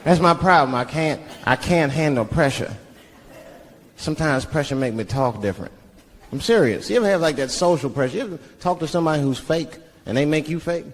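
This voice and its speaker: A man's voice: on the high side, expressive, a little fast. A man doing stand-up comedy, telling loose, profane stories and jumping in and out of voices. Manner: loose, profane storytelling that jumps into character voices. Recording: live club with loud audience laughter.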